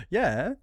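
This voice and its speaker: A man's voice: fairly high pitch, darkish tone, no echo, clean studio sound. A man streaming a game, chatting casually in a rambling, jokey way and laughing often. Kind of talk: casual gaming stream chat.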